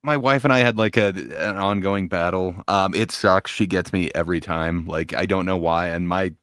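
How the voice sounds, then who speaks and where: A man with a very low voice on a casual livestream panel, telling stories in a relaxed way. His sound is dry and close, with no room in it. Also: moderate pace, smooth, no echo. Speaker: panel guest.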